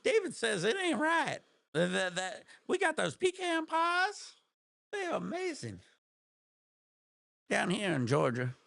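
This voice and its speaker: A man's voice: very high-pitched, wildly swooping pitch, slow, vocal fry, pauses often, fairly bright tone, no room sound, studio quality, pitched above the performer's own voice, exaggerated voice. A man putting on a folksy Southern drawl. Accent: put-on Southern US drawl. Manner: folksy, over-the-top drawl. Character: cheerful exaggerated Southern man, pie-loving.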